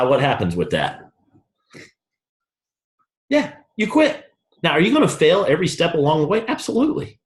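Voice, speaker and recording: A man gives a motivational talk, brash and blunt, as he tells a story. His delivery is punchy, swinging from low to loud, shouted highs.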